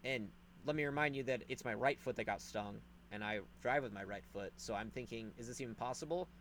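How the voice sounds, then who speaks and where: A man telling a story in casual podcast chat, animated and profane, acting out the people in it. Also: mid-range voice, fairly quick, slight background noise. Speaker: podcast host.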